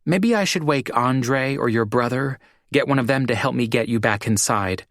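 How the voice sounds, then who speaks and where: A man reading an audiobook, voicing a kind, dry-witted pregnant young woman in a soft, teasing way. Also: mid-range voice, moderate pace, dry recording, pitched above the performer's own voice, lightly acted. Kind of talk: audiobook character voice.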